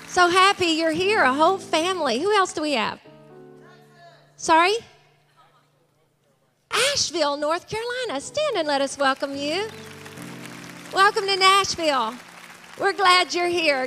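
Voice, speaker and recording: High bright woman welcoming a congregation. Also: measured pace, pauses often, faint music behind. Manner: warm, excited, calls out to the congregation. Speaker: pastor welcoming visitors. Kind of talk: church service welcome. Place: large church sanctuary.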